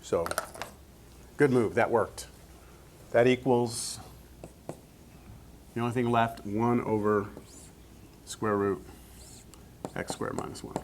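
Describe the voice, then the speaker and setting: A man's voice: fairly low pitch, steady tone, slow, long pauses, darkish tone. Male math teacher lecturing a class, patient step-by-step delivery, light background noise. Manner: explains step by step, checks in with "right?".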